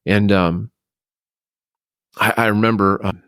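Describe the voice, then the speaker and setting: A middle-aged man speaks low and deep as he recounts a personal loss on his podcast. He talks haltingly, restarting often, his voice full of feeling. The sound is close and dry, with no room echo. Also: fairly even intonation, fairly bright tone, clear, resonant tone. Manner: halting, emotional, many restarts. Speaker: podcast host. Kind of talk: personal storytelling.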